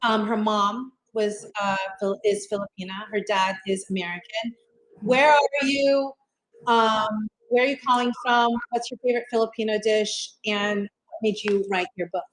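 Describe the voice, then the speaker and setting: A woman's voice: medium pitch, fairly even intonation, normal speed, rough recording. A woman hosting a casual interview over a video call, chatty and upbeat, talking her plans aloud and repeating herself as she goes. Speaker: host.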